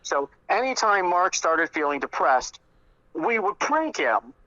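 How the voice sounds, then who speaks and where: A man with a bright, forceful voice recounts old stories in animated, chatty fashion, slipping into the voices of the people he quotes. His voice sits a bit high for a man. The audio is dry and dull, like a lo-fi call recording. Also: measured pace, no room sound. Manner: animated, acts out quoted dialogue in raised voices. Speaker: guest, close friend recalling the deceased. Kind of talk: conversational storytelling. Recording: muffled lo-fi audio.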